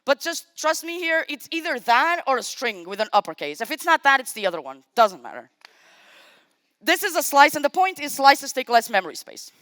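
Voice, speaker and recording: A woman giving a live-coding talk at a conference. She is chatty and casual, makes self-deprecating asides, thinks out loud as she types, and speaks directly to the audience. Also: high voice, very animated, normal speed, no room sound. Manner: thinks aloud while typing, talks to the audience. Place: conference stage.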